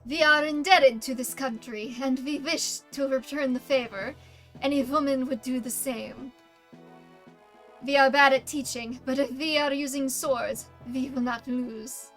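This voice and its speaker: A woman's voice: high-pitched, fairly even intonation, fairly bright tone, faint music behind, low-quality recording. A woman voicing a stern foreign swordswoman with a put-on Russian accent and a stiff, blunt delivery. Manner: stiff, slow, blunt phrasing.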